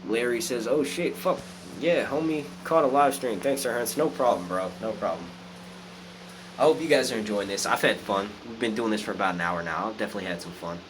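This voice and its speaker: Excitable man swearing on a live stream. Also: lowish voice, a little fast, background noise. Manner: animated, swears a lot, reads chat comments aloud. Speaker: youtube live stream host. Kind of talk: casual live stream chat.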